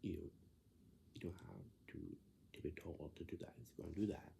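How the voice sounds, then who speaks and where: A man's voice: low voice, big pitch swings, creaky, dark tone, a little hiss or hum. A man in a casual spoken explanation who repeats himself, halts often and slips into whispers now and then. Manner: repetitive, halting, drifts into whispers.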